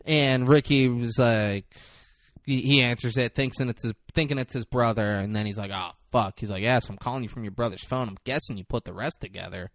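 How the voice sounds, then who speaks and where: A man co-hosting a podcast, recapping a movie in a crude, animated way and acting out the characters' lines. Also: mid-range voice, fairly quick, dry recording, clean studio sound. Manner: crude, animated retelling with acted-out quotes. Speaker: podcast co-host. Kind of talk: casual movie recap chat.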